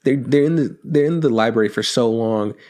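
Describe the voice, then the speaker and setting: A man's voice: medium pitch, fairly quick, a little mellow. Male podcast co-host, loose casual talk, heavy swearing, mocking character voices.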